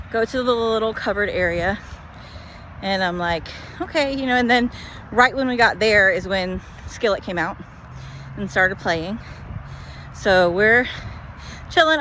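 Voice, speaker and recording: A woman vlogging while walking, telling a story in a chatty, animated way full of "like". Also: mid-range voice, slight background noise. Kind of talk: walk-and-talk storytelling.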